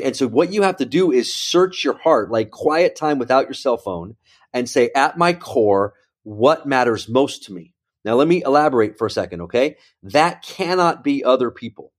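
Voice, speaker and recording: A man's voice: mid-range voice, normal speed. A man, a speaker and professor, telling a story in a conversational interview, often checking in with the listener. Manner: animated, checks in with "right?" and "okay?".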